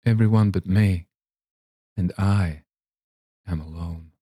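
A man's voice: sits low, takes it slowly, warm tone, slightly rough, no room sound, clean studio sound, exaggerated voice. A man voicing a frail, wistful old noblewoman. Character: frail lonely old noblewoman, dreamy and sad.

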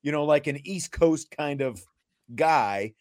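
A man's voice: fairly high pitch, expressive, slow pace, no echo, clean studio sound. A man hosting a sports podcast, talking casually and rambling with plenty of fillers and restarts. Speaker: podcast host.

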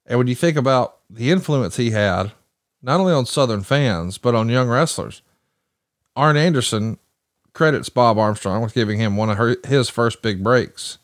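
A man's voice: mid-range voice, animated, normal speed, dry recording, studio quality. A man hosting a casual chat, telling listeners old stories with enthusiasm. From American South. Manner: informative, storytelling, enthusiastic. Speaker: podcast host.

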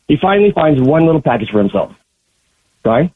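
Husky man on a tinny phone line. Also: on the high side, very animated, no room sound. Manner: drawn-out storyteller. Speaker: caller. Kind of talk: telling a joke on a call-in.

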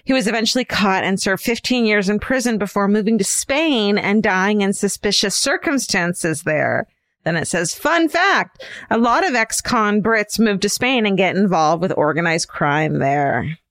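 A woman co-hosting a podcast, reading listener letters aloud in a casual, animated way with laughs and swearing. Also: mid-range voice, normal speed, no room sound.

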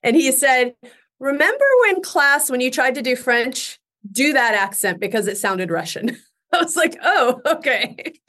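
A woman's voice: high-pitched, expressive, measured pace, a bit bright. Laughing woman telling actor stories. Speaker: guest actress. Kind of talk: casual interview chat.

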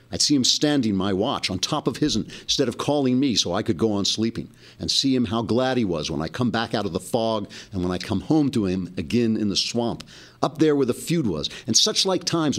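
A man's voice: medium pitch, pitched above the performer's own voice. A man reading aloud as an uneducated boy on a river raft, earnest and troubled, in a folksy old rural dialect from a novel.

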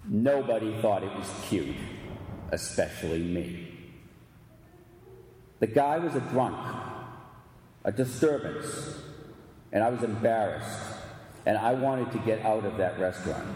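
A man preaching a sermon, reading a story aloud slowly and dramatically, at times slipping into song. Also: medium pitch, expressive, dark tone. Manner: slow, dramatic reading with sung phrases. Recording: echoey hall with long reverb.

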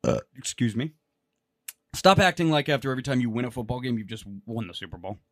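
A man co-hosting a sports podcast, teasing and profane in quick back-and-forth. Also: medium pitch, lively intonation, dry recording, studio quality. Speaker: podcast co-host. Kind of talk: casual sports chat.

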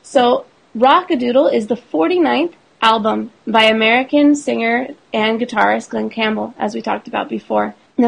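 A woman's voice: a little high, gravelly, low-quality recording. A woman co-hosting a podcast, talking enthusiastically and chattily about a film's music, explaining points in a list. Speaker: podcast co-host. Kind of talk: casual podcast chat.

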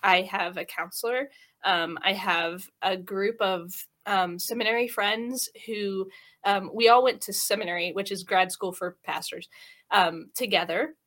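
A woman's voice: medium pitch, measured pace, fairly bright tone. A woman in her thirties, a hospital chaplain, talking earnestly and emotionally in an interview, with many fillers. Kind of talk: interview conversation.

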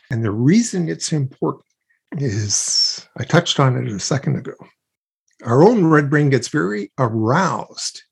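A man's voice: mid-range voice, creaky, slightly rough. A man speaking as an interview guest, explaining ideas earnestly with examples and rhetorical questions. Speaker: guest expert on child self-regulation.

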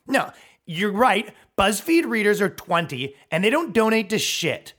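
Male comedy podcast host, mocking and profane, slightly high voice. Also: very animated, measured pace, fairly bright tone. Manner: mocking, sarcastic, swears freely. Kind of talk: sarcastic comedic rant.

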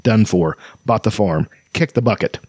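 A man's voice: on the low side, normal speed, darkish tone, slightly rough, dry recording. A man reading aloud and voicing a rambling, absent-minded old wizard who blusters and frets. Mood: bewildered.

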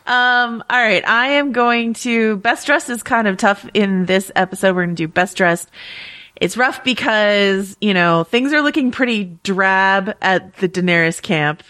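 A woman's voice: medium pitch, unhurried, bright, forceful tone. A woman hosting a podcast, chatting casually and upbeat as she runs the segments. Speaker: podcast co-host. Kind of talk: casual chat.

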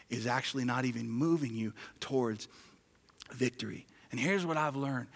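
A male pastor preaching a sermon emphatically, swinging from loud exclamations to hushed whispers. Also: medium pitch. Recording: long reverb of a large hall.

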